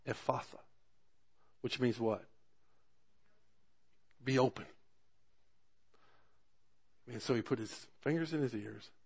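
A man preaching a sermon, talking through scripture in an earnest, conversational way, with swelling emphasis and drawn-out words at key moments. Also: mid-range voice, darkish tone, slightly rough. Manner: earnest, conversational asides to the congregation. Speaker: pastor.

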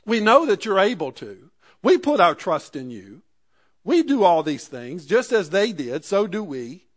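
High-voiced man preaching. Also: sing-song, unhurried. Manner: reads scripture aloud and paraphrases it in plain speech. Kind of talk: sermon.

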